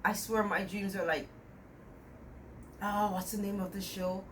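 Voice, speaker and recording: A young woman telling a dream in a rambling, animated way, quoting the people in it. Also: mid-range voice, unhurried, a little hiss or hum, low-quality recording. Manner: rambling, animated retelling with quoted dialogue. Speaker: dream vlogger. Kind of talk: casual storytelling about a dream.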